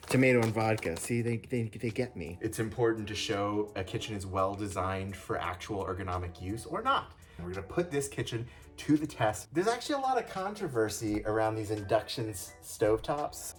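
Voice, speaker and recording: A man's voice: fairly low pitch, animated, brisk, faint music behind. Upbeat chatty man touring a home. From Louisiana. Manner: upbeat, jokey, chatty with small restarts. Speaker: vlogger touring a backyard unit. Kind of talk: casual walkthrough tour. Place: small unit indoors and out, backyard.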